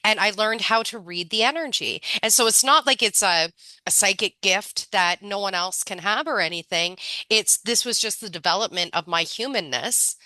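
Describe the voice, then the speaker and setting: A woman's voice: mid-range voice, normal speed, sharp tone, no room sound, poor audio. A woman hosting an interview podcast, listening, affirming and reflecting on the guest's experiences. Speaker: podcast host. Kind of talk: casual interview conversation.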